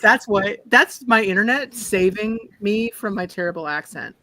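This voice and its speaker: A woman's voice: medium pitch, expressive, normal speed, bright, forceful tone, dry recording. A woman running a tabletop game as game master, narrating scenes vividly and laughing with her players over a call. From Ireland.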